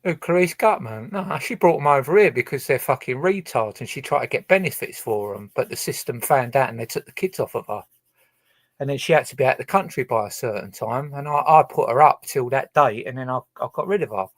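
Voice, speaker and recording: A man's voice: medium pitch, animated, brisk, dry recording. A man chatting casually on his livestream, rambling and hesitant, swearing heavily as he talks. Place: his own boat.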